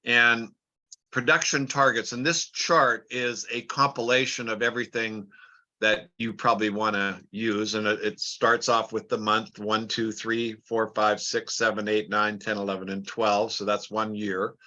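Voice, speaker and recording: A man's voice: fairly low pitch, flat delivery, unhurried, sharp tone, lo-fi sound. A man explaining a business plan chart step by step, plain and repetitive, often restarting words. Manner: plain, repeats words, talks through numbers step by step. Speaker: business trainer.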